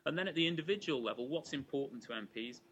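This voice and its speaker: A man giving an academic lecture to a live audience in a measured, explanatory way, often restarting his phrases. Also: a little high, expressive, fairly bright tone, muffled recording, a little hiss or hum. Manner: measured and explanatory, with frequent restarts and hedging asides.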